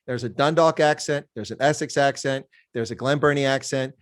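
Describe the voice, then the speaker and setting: A man's voice: medium pitch, steady tone, fairly quick, no echo, clean studio sound. A middle-aged American man hosting a casual interview, joking and rambling through stories. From United States. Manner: jokey, rambling storyteller. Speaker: interview host.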